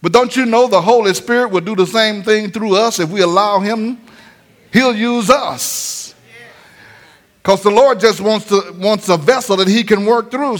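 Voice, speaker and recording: High-voiced preaching man, sing-song shouts. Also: normal speed, hardly any pauses. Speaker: pastor. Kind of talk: sermon.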